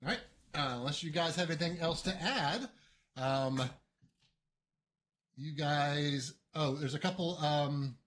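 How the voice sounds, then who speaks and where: A man running a tabletop game as game master, talking haltingly with many fillers and restarts. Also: on the high side, a bit bright.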